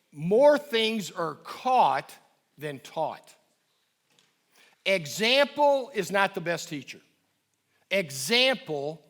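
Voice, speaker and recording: A middle-aged man giving a parenting talk to a live audience, emphatic, stressing key phrases slowly and repeating them, and asking the audience questions. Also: sits high, bright, forceful tone. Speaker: guest speaker on parenting. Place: church hall.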